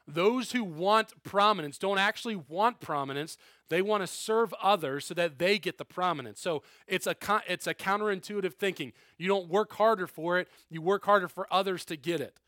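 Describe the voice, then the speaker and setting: A man's voice: fairly high pitch, fairly quick, hardly any pauses, a bit bright, dry recording, clean studio sound. A man preaching a sermon in a conversational style, often checking in with the listeners. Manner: conversational preaching, frequent "okay?" asides. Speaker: pastor.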